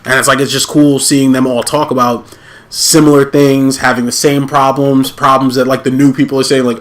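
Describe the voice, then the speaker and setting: A man's voice: mid-range voice, level tone, normal speed. Rambling man chatting over a game. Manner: rambling, full of fillers and restarts. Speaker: let's play host. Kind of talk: casual gaming chat.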